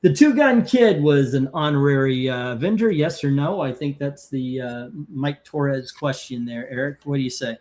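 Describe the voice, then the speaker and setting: A man's voice: medium pitch, normal speed, few pauses, darkish tone. A man hosting a casual live stream, chatting and reading out viewer comments and scores. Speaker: host of a live comic-cover ranking stream.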